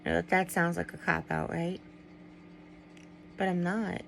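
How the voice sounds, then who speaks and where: Woman, middle-aged, personal vlog, rambling and candid, gravelly, slightly low voice. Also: level tone, a little slow, fairly bright tone, a little hiss or hum, poor audio. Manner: rambling, candid, trails off and restarts. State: tearful at times. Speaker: vlogger. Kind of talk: personal vlog, talking to viewers.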